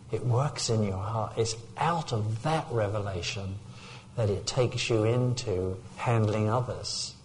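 An older man from England delivers a sermon in a somewhat low voice. He tells personal stories and climbs to loud, fervent peaks. A faint hiss of noise sits under the recording. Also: measured pace. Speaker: preacher.

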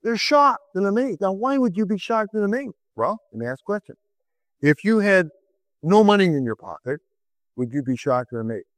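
Male preacher, highish voice, dry close sound, dramatic delivery full of rhetorical questions. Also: sing-song, a little fast, dry recording, rough recording. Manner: dramatic, swings pitch to act out quoted voices; asks the listeners rhetorical questions. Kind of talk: sermon.

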